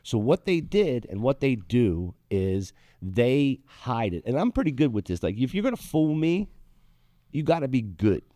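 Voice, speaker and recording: A man's voice: mid-range voice, big pitch swings, normal speed, warm tone, no room sound, clean studio sound. A man hosting a talk show, telling a heated, profane story in casual chat. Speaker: show host.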